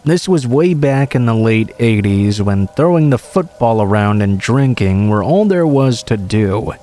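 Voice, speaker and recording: A man reading true horror stories aloud as scripted narration, in a steady, measured way. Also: mid-range voice.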